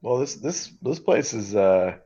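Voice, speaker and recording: A man playing a hesitant male field reporter who talks in halting bits with many "uh"s. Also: on the low side, animated, warm tone, husky, highs cut off. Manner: halting, full of "uh" and restarts.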